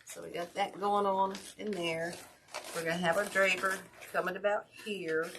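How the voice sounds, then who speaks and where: A woman's voice: fairly low pitch, normal speed. A woman hosting a casual craft tutorial, tired and self-deprecating as she chats with viewers. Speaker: wreath-making channel host. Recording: steady background noise.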